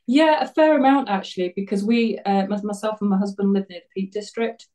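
A woman's voice: mid-range voice, a little fast, dark tone, far from the mic, poor audio. A woman in her fifties, a guest telling her story in a casual interview, chatty and self-deprecating, often laughing at herself.

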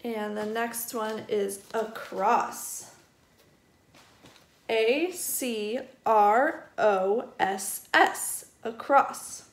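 A woman teaching a first grade vocabulary lesson at a distance, spelling each word out slowly and explaining it gently for young children. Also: a little high. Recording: echoey room.

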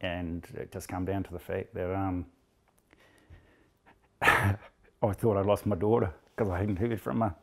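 Deep-voiced blunt New Zealand man. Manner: plain-spoken, blunt storyteller. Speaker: rescuer being interviewed. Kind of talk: recounting a rescue in an interview.

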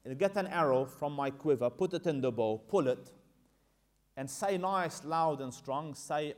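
An earnest young believer who talks calmly and firmly to a hostile king, as a male storyteller puts him on. He gives his words in a level voice at an everyday pitch, with no gruff or theatrical edge. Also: close to an everyday voice.

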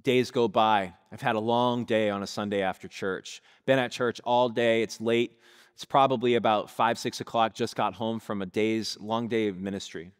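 A man's voice: lowish voice, fairly even intonation, normal speed, smooth. Storytelling male pastor in echoing church. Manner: vivid storytelling, addresses congregation. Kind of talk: sermon storytelling. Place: church sanctuary. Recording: long reverb of a church hall.

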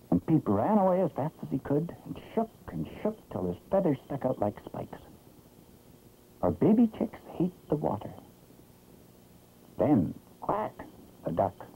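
Animated man narrating a children's cartoon. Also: medium pitch, vocal fry. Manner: gentle, animated storytelling. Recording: muffled, hissy 1960s film soundtrack.

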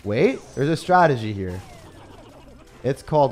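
A young man giving live commentary on his game as a streamer, swinging between loud outbursts and low muttering. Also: expressive, moderate pace, long pauses. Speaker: gaming streamer. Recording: faint music behind voice.

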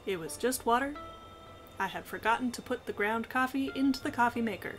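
A woman chats casually while streaming a video game, self-mocking and quick to laugh. Her voice sits a bit high. Game music plays clearly beneath her. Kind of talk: casual gameplay commentary.

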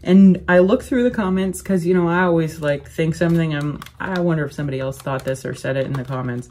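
Low-voiced chatty woman beauty vlogger. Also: a little fast, darkish tone, slight background noise. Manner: chatty, rambling, lots of "like" fillers. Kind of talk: casual chat while doing makeup.

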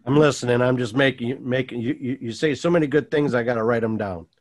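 A man's voice: medium pitch, fast, darkish tone, dry recording. A man hosting a panel discussion, asking rambling questions in a chatty, self-deprecating way. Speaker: host.

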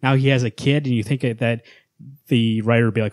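A man co-hosting a comics podcast, retelling a story with lively energy and putting on voices for the characters he quotes. His voice sits at a middle pitch and is recorded close and dry. It sounds like friends chatting around a table. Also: fairly quick, no room sound. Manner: animated storyteller, acts out lines from panels. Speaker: podcast co-host. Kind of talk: casual chat, recapping a comic.

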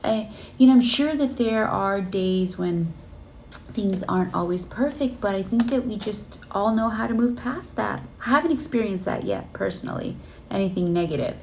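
A woman's voice: on the high side, a little mellow, slight background noise. A woman telling her story in a casual vlog, earnest and emotional, with many fillers like "you know" and "like.". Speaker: flight attendant vlogger. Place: hotel room on a layover.

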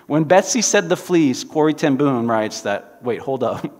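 Male pastor with a high-ish voice, animated sermon storyteller, church hall reverb. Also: unhurried, few pauses. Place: church sanctuary.

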